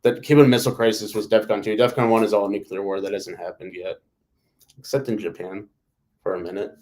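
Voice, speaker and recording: A man with a lowish voice hosts a loose live chat. He rambles from point to point and keeps dropping "like" and "you know" into his sentences. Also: steady tone, brisk, a little mellow. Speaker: host. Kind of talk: casual live discussion.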